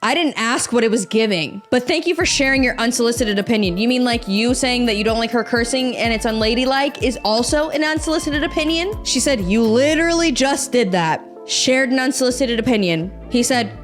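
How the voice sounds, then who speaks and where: A young woman with a high voice reads posts aloud on her podcast and tears into them. She is sarcastic and profane, with quick asides in casual chat. Soft music runs faintly underneath. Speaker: podcast host.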